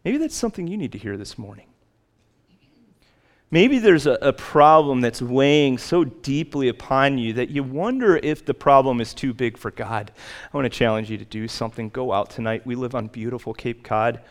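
A male pastor preaching a sermon, slowing down and rising for emphatic lists. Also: lively intonation. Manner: rises in pitch and slows for emphatic lists.

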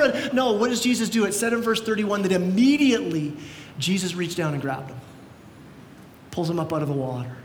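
A high-voiced man preaches a sermon in an echoey church with a long hall reverb and a faint rumble behind him. He tells the story in a lively way and acts out voices. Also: moderate pace, long pauses. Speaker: pastor. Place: church sanctuary.

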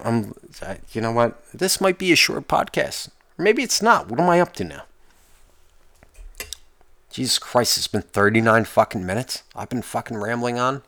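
A man with a gravelly, fry-heavy voice rants through a solo podcast. He swears constantly, trips over his own restarts, and sounds fed up. The sound is dry and close, with no room echo. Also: medium pitch, a bit bright. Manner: profane, rambling, restarts often; complaining, exasperated. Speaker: podcast host.

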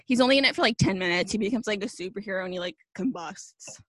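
A woman's voice: mid-range voice, rapid-fire, fairly bright tone, no room sound. A young woman co-hosting a podcast, rambling and teasing in casual chat, full of "like" and "um". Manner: chatty, filler-heavy, teasing. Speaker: podcast co-host.

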